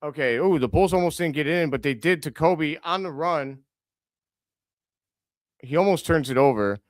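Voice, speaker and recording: A young man with a fairly high voice, recorded dry, hosts a live basketball reaction stream. He's excitable, calling plays and scolding players aloud as they happen, and often quickly corrects himself.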